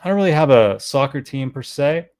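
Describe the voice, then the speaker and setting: A man's voice: medium pitch, animated, fairly quick, darkish tone, dry recording. An American man hosting a fragrance live stream, chatting in a rambling, self-deprecating way. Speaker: fragrance channel host. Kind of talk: casual live-stream chat.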